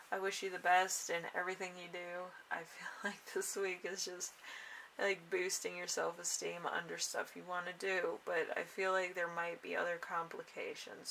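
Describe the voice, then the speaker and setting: Gravelly, bright-toned woman reading tarot. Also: fairly low pitch, a little hiss or hum, poor audio. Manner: chatty, rambling, laughs often, many "you know"s. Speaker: tarot reader.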